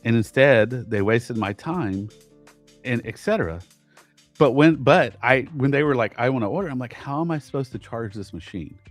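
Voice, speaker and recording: A man co-hosting a podcast, telling a frustrating story in casual chat, animated and exasperated, often restarting his sentences. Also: medium pitch, moderate pace, soft background music. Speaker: podcast co-host.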